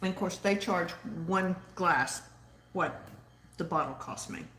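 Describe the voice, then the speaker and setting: A woman's voice: lowish voice, unhurried, roomy sound, background noise. A woman with a Southern accent hosting a casual live-stream chat, rambling chattily and reading viewer comments aloud. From Texas. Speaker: host.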